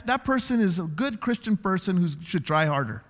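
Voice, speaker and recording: Animated high-voiced preaching man. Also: fairly quick, few pauses. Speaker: pastor. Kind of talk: sermon. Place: church sanctuary. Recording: long church hall reverb.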